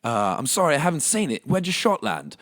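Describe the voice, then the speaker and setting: A man's voice: a little high, wildly swooping pitch, a little fast, fairly bright tone, voice pushed up. A man voicing a cheeky, brash Australian golfer with an Australian accent. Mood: friendly.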